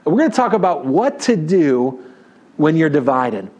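A man in his thirties with a New York accent, preaching a sermon and telling a story in an animated way, often checking in with the congregation. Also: a little high, a little slow, highs cut off. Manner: animated, talks to the audience with "right?". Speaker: pastor.

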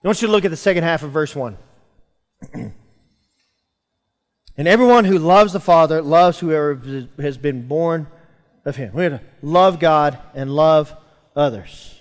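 Male pastor, sermon, slightly high voice, emphatic delivery, long church reverb. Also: animated, unhurried, long pauses. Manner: preaching with rising emphasis and calls to the congregation. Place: church sanctuary.

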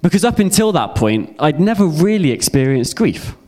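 A man's voice: on the high side, sing-song, normal speed, a little mellow, soft background music. A young man giving a heartfelt personal testimony sermon to a youth audience. He speaks earnestly and repeats phrases for emphasis.

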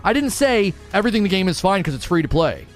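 A man's voice: high-pitched, big pitch swings, quick pace, faint music behind. A man arguing and talking through a live stream, full of rhetorical questions.

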